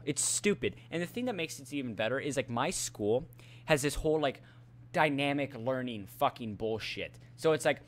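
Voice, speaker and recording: This teenage boy's voice sits at a medium pitch, and his intonation is lively at a normal pace. He's a student venting on his vlog, furious and profane about school, frequently tripping over phrases and restarting.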